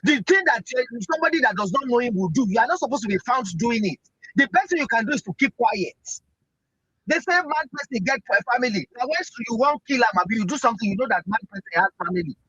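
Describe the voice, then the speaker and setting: A Nigerian man pours out heated political talk in a very high, sharp voice with a husky edge. He drives each point home with rhetorical questions. The sound is dull and lo-fi, as from an online audio stream. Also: expressive, quick pace, no room sound. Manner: impassioned, rhetorical, keeps asking "Eh?". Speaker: speaker in an online audio room.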